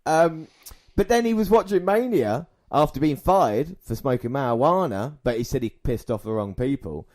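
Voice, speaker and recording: A man hosts a casual podcast, his voice pitched in an ordinary middle range. He talks in a crude, sarcastic way, swearing often and slipping into mocking impressions. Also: animated, moderate pace, a little mellow. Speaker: podcast host. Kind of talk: casual chat reviewing wrestling content.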